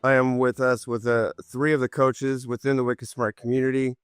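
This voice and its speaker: A man's voice: medium pitch, flat delivery, normal speed, clean tone, dry recording, studio quality, faint music behind. A man from Southern California opening a casual chat as guest moderator, easygoing and loose with filler words.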